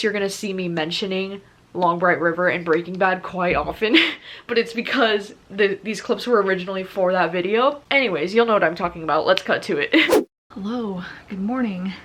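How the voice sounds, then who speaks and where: A woman's voice: medium pitch, slight background noise. A young woman talking casually as a book vlogger, gushing and filling her sentences with "like" and "you know.". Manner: gushing, filler-heavy with lots of "like". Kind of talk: casual vlog chat.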